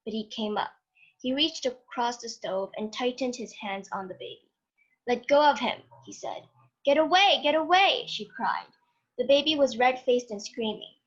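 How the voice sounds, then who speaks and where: A woman's voice: on the high side, highs cut off. A woman student reading a short story aloud over a video call, with dramatic expression.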